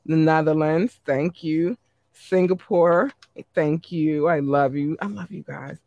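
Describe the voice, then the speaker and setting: A man hosting his podcast, reading out listener shout-outs in a chatty, upbeat way. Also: a little high, steady tone, slow, dry recording, highs cut off. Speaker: podcast host.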